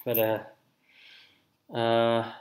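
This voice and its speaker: A man's voice: medium pitch, monotone, drawn-out words, darkish tone. A young man, feeling unwell, chatting loosely to viewers on a live stream, rambling with many fillers and restarts. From Italy. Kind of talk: casual live-stream chat.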